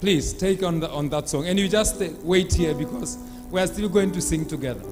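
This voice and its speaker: Male pastor, very high voice, dramatic storytelling sermon, long church reverb, faint music behind. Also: a little fast.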